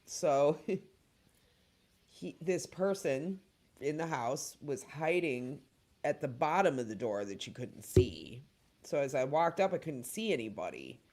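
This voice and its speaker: A host in their forties in easygoing conversation, taking their time and letting the voice swing high and low. Stories tumble out between frequent bursts of laughter. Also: measured pace. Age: 40s. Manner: animated storyteller, laughing often. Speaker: talk show host. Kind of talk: casual chat.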